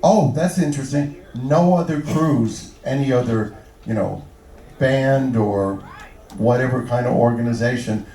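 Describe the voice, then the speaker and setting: A man telling a long joke on stage and thanking fans in a relaxed storytelling way. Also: mid-range voice, a little slow. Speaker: band member addressing fans. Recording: echoey hall, distant mic.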